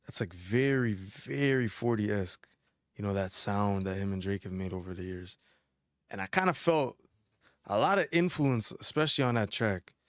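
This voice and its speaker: Low-voiced young man reacting to music. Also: moderate pace, dry recording, studio quality. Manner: animated and chatty, with slang and frequent laughs. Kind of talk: casual album reaction commentary.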